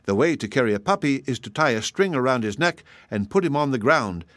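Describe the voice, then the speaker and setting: A man voicing an exasperated mother who scolds her son loudly and emphatically in a storybook reading. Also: mid-range voice, animated, a little fast, no echo, lightly acted. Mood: scolding.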